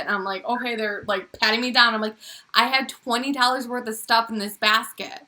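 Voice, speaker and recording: Woman, podcast co-host, casual storytelling, animated, swearing, bright voice, fairly high. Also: a little fast. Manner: animated, swearing, acts out dream dialogue.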